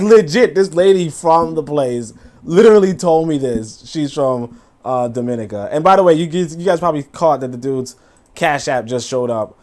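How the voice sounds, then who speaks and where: A man hosting a casual livestream, reacting to a video and chat with profane, animated talk, laughing asides and lots of fillers. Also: fairly high pitch, brisk.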